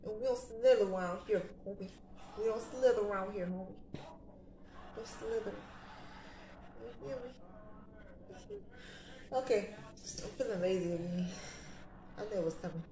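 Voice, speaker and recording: A woman's voice: medium pitch, normal speed, long pauses, reverberant, noisy background. A young woman vlogging in casual, sassy, slang-heavy chat.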